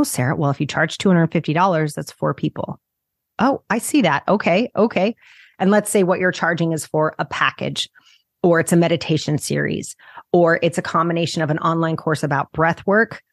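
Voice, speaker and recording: A woman's voice: lowish voice, no room sound, clean studio sound. A woman talking as a business coach on a podcast, enthusiastic and gushing, acting out little imagined dialogues. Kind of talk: podcast conversation.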